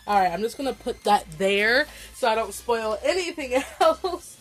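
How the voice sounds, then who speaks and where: In a casual vlog, a young woman with a slight Southern country accent unboxes a gift package, gushing over each item with excited exclamations. Her mid-range voice moves at a moderate pace with hardly any pauses, over faint background music.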